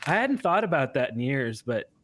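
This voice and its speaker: Animated man co-hosting a live stream. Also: medium pitch, moderate pace, no echo. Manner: animated, laughs often, reads chat aloud. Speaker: co-host of a live show. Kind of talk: casual live-stream chat.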